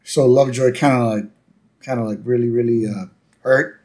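Male podcast co-host, casual recap chat, mid-range voice, relaxed with fillers. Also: mid-range voice, moderate pace. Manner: relaxed, hesitant with fillers, quotes lines in a plain voice.

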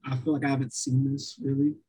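A man's voice: medium pitch, very animated, fast talker, vocal fry, warm tone, husky, low-quality recording. A man co-hosting a podcast in casual chat, rambling with many restarts and fillers.

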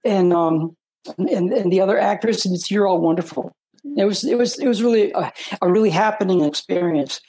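A man, an actor on a panel, talking eagerly in a halting way and repeating words often. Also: high-pitched, a little mellow, slight background noise. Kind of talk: casual panel talk.

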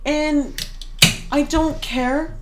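A woman's voice: sits high, steady tone, very slow, heavy background noise. A young woman in casual podcast chat, telling a story animatedly and swearing a lot.

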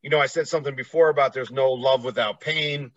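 Bright-voiced laid-back man hosting. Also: mid-range voice, fairly even intonation, fast talker, no echo, highs cut off. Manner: laid-back, rambling, laughs easily. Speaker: podcast host. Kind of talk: casual chat.

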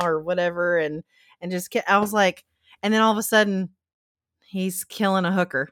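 A woman's voice: on the low side, level tone, fairly quick, fairly bright tone, no room sound, studio quality. A woman co-hosting a casual chat, talking in an incredulous, chatty way. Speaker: podcast co-host.

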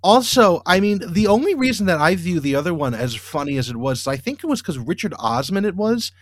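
A man's voice: high voice, sing-song, fairly quick, no echo, studio quality. A man hosting a casual podcast, recapping an episode in a rambling, wry way with lots of fillers and restarts. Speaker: podcast host.

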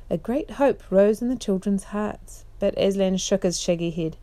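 A woman reads a storybook chapter aloud at bedtime, gentle and measured. Her voice is mellow and warm, at a mid pitch. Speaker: parent reading aloud.

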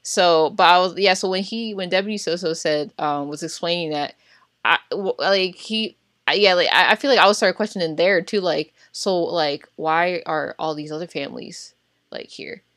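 Woman w a really low voice, stops and restarts a lot, dry close sound. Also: moderate pace, a bit bright, dry recording. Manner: hesitant, restarts sentences, self-correcting. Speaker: podcast co-host. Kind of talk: casual film discussion.

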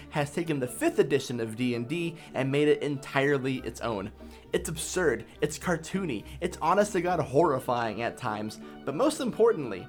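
A man narrating a scripted video essay in a casual, profane, enthusiastic way. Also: fairly high pitch.

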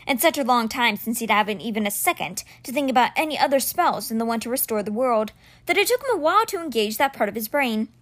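A woman reading a novel aloud chapter by chapter, with expressive storybook narration. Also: on the high side. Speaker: audiobook reader.

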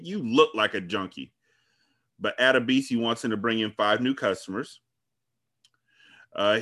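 A man co-hosting a casual TV recap podcast, animated and profane, laughing often. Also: medium pitch. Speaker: podcast co-host.

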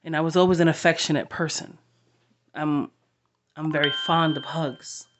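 A woman sharing a personal story to camera, halting and heartfelt, with long pauses. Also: sits low, steady tone.

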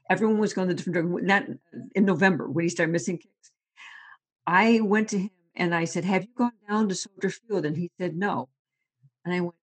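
Husky-voiced woman telling sports stories. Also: on the low side. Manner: animated storyteller, laughs often, repeats words. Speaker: sports reporter. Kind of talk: casual sports talk.

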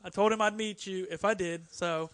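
High-voiced dude telling a story on a podcast, does all the voices, dry mic. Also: male voice, moderate pace, no echo. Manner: animated storyteller who acts out quotes. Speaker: podcast co-host. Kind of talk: casual storytelling chat.

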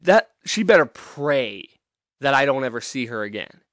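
A man's voice: medium pitch, very animated, normal speed, fairly bright tone, no room sound, clean studio sound. A man hosting a podcast, delivering a profane, sarcastic comedic rant in a casual monologue. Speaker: podcast host.

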